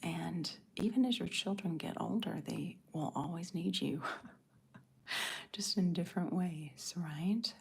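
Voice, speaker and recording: A middle-aged woman hosting an ASMR livestream, answering chat in a soft breathy whisper. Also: lowish voice.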